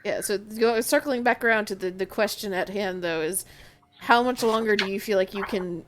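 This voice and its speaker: A woman game master chatting casually with her players between tabletop scenes, candid and quick to laugh, with some swearing. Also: mid-range voice, a crowd in the background.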